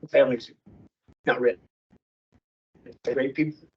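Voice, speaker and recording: A man's voice: medium pitch, fairly even intonation, husky. Man telling an emotional story, lo-fi. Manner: halting, emotional, with many restarts. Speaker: guest speaker. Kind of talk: personal storytelling at a meeting. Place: meeting room. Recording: dull lo-fi room recording.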